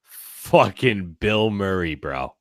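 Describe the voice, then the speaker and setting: A man's voice: low-pitched, animated, slow, a bit bright, no room sound, studio quality. A man co-hosting a casual podcast, swearing often. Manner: swears a lot, laughs easily. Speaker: podcast co-host.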